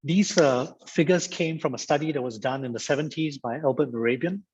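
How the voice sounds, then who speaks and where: Man, guest trainer on a video call, husky, lo-fi sound, playful auctioneer-style patter. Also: fairly high pitch, fairly quick. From Singapore. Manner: lively, repeats phrases, auctioneer-style banter. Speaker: guest speaker at a mediation training. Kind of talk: interactive online lecture.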